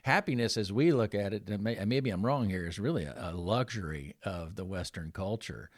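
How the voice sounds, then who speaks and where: Low-voiced man chiming in thoughtfully. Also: fairly quick, no echo, studio quality. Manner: agreeable, chiming in, reflective. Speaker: podcast co-host. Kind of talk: casual chat.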